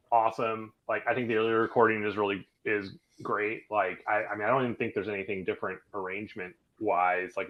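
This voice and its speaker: A man's voice: fairly low pitch, a bit bright, lo-fi sound. Rambling male musician telling studio stories. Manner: rambling storyteller, halting restarts. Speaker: band member guest. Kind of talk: casual interview chat.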